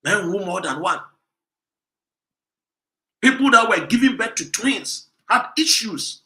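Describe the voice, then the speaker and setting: A man with a Ghanaian accent giving emphatic commentary, full of rhetorical questions, sometimes loud and sometimes dropping low. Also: lively intonation, takes it slowly, roomy sound. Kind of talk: animated commentary mixing Twi and English.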